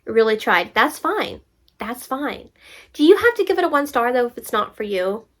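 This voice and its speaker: A young woman book vlogger reading reviews aloud and talking back to them in an animated, exasperated way. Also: high-pitched, moderate pace. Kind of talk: casual reaction vlog, reading reviews aloud.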